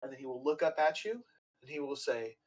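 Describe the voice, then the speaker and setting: A man runs a tabletop game in a loose, rambling way, full of fillers and the odd curse. His voice sits at a middle pitch. He sounds somewhat distant from the microphone. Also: steady tone, a little fast. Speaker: game master. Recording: voice a bit distant from the mic.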